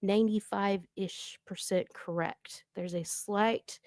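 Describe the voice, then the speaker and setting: A woman slowly reading out and explaining a voice analysis, with many fillers. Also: medium pitch, steady tone, a little mellow, no room sound. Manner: slow, deliberate explaining with fillers. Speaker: commentary vlogger.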